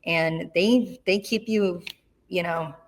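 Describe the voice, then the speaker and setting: A middle-aged woman tells a story in an interview. She talks in an animated way and acts out the voices of the people she quotes. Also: fairly low pitch, slow. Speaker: interview guest, retired Marine.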